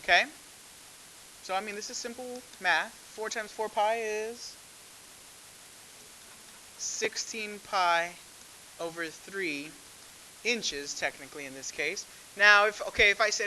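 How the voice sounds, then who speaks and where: A man's voice: high-pitched, unhurried, pauses often, sharp tone, slight background noise, low-quality recording. A man teaching a math class, talking conversationally and asking the class frequent questions. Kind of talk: classroom lecture.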